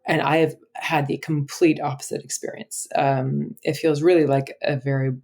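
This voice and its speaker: American lady journalist chatting on a podcast, kinda low voice, lots of likes and you knows. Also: moderate pace. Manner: chatty and animated, many filler words and restarts. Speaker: guest, travel journalist. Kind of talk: conversational interview.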